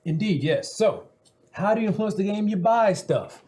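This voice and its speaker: Lively rambling man on a live stream. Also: high voice, normal speed. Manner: lively, rambling, self-interrupting. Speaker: player explaining the show's store. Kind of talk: casual live-stream banter.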